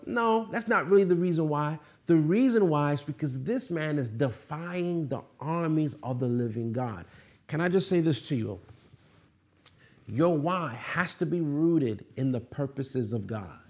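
A man preaching a sermon, building emphasis through repeated rhetorical questions and dramatic slowdowns. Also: a little high, lively intonation, a little mellow. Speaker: pastor.

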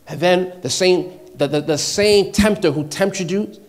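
Emphatic preacher man with a raised pitch. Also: measured pace. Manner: emphatic, repeats key phrases, swings between quiet and loud. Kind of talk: sermon.

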